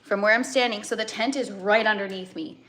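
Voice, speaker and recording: A woman's voice: medium pitch, brisk, fairly bright tone. A woman from Canada hosting a live cooking stream, rambling in casual chat and greeting viewers by name.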